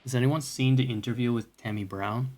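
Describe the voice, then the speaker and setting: A man's voice: medium pitch, steady tone, a little fast, a little mellow. A man streaming a video game live, talking casually in a joking, profane, self-mocking way. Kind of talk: casual live gaming commentary.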